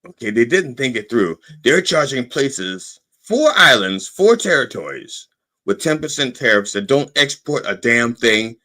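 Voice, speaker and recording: A man's voice: mid-range voice, sing-song, a little slow, pushed and bright. A man hosting his own podcast, delivering a sarcastic, profane political monologue and punctuating his points with "okay?". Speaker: podcast host.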